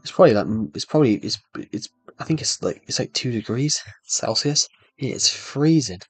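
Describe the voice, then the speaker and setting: A man's voice: medium pitch, animated, normal speed, slightly rough, no echo, soft background music. Young male streamer, mid-range voice, self-deprecating and stumbly, dry close mic. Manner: rambling, self-deprecating, stumbles over words. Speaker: livestreamer. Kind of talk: casual live-stream chat while playing.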